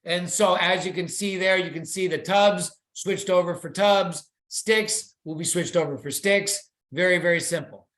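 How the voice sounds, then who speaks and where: An excitable presenter giving a weekly company update in an enthusiastic sales-pitch manner, sharing slides over a video call. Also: moderate pace, hardly any pauses, echoey room.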